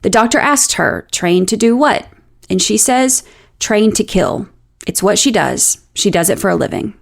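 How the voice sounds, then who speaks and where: Woman, true-crime host, scripted narration, mid pitch, measured, explanatory, dry asides. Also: lively intonation, vocal fry. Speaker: podcast host.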